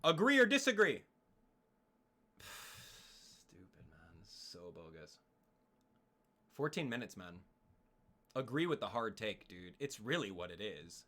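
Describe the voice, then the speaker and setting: A man's voice: medium pitch, very animated, normal speed, pauses often, pushed and bright, slight background noise. A young man streaming live, ranting in an exasperated, heated way and talking straight to his chat. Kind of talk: casual live-stream rant.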